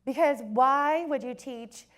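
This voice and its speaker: A woman in her forties giving a personal storytelling talk to an audience, joking at times and turning soft and earnest at others. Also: sits high, takes it slowly. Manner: warm joking storyteller, switches between laughs and soft earnest passages. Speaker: company speaker.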